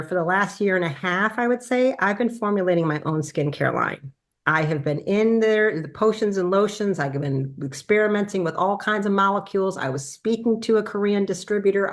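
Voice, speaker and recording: A woman doctor telling a casual testimonial story in an animated way, acting out her own reactions. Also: mid-range voice. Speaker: doctor sharing a product testimonial.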